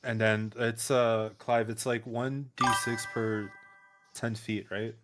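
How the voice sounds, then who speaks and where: A man's voice: medium pitch, flat delivery, slow pace, over loud music. A man playing a character in a tabletop game, laid-back and joking about a bad roll. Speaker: player. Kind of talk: casual tabletop play.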